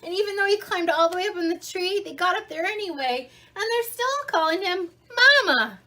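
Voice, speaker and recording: A woman reading a children's storybook aloud in an interactive read-along, animated, asking the listener questions and explaining words simply. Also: very high-pitched, fairly quick.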